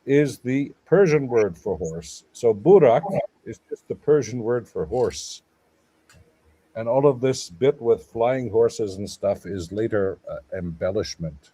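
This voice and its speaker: A man's voice: medium pitch, animated, measured pace, dark tone, husky, poor audio. A man speaking as a guest scholar in a live panel discussion, explaining at length in a digressive, lecturing way. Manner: mutters while searching for notes.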